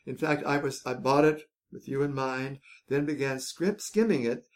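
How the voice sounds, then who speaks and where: A man's voice: mid-range voice, normal speed. A man hosting a podcast, chatty and self-mocking, rambling with frequent restarts. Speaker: podcast host. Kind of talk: casual podcast chat.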